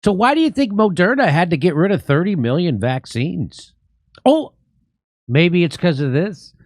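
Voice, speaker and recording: Animated, sarcastic male commentary host. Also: high-pitched, normal speed, no echo. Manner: mocking, animated, sarcastic asides. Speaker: show host.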